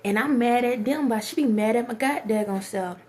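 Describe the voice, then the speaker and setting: A woman's voice: fairly high pitch, brisk, darkish tone. A woman, talking casually to her viewers in a rhetorical monologue and often laughing at her own jokes. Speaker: vlogger.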